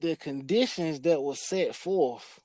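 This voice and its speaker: A man's voice: a little high, slow, warm tone, dry recording. A man hosting a talk show, preaching emphatically and often restarting his sentences. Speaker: host. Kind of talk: spiritual discussion.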